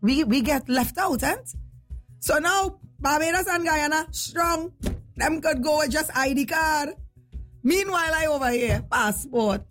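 A woman from Trinidad and Tobago with a Trinidadian accent, hosting a casual talk radio show in an animated, chatty way and slipping into local dialect. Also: high voice, a little slow, soft background music. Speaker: radio host.

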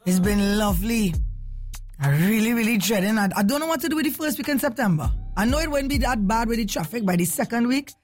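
A young woman, hosting a casual morning radio show, lively and chatty. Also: fairly high pitch, fast, hardly any pauses, faint music behind. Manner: lively, chatty, laughs often.

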